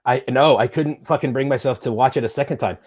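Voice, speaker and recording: A man chats casually on a film podcast, blunt and quick to swear. He often stammers and restarts his sentences, in an ordinary mid-range voice. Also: medium pitch, a little mellow. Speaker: co-host, writer.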